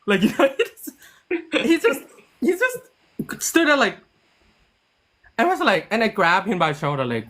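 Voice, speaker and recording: Animated man telling a story. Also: high voice, moderate pace, pauses often. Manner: animated, acts out quoted dialogue, frequent restarts and "like". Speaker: TV series writer and producer. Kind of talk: casual interview storytelling.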